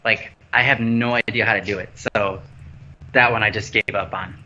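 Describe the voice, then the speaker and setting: A man's voice: lowish voice, steady tone, moderate pace, background noise. A man hosting a casual livestream over his phone from an empty new house, rambling playfully and losing his train of thought. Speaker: host. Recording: slightly dull lo-fi phone stream audio.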